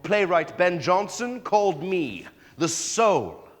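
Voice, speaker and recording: An actor on stage playing a flustered, grandiose playwright on trial who declaims in a grand, fretful way. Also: male voice, high voice, big pitch swings, takes it slowly, faint music behind, exaggerated voice. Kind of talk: live stage acting. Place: theater stage. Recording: long theater reverb.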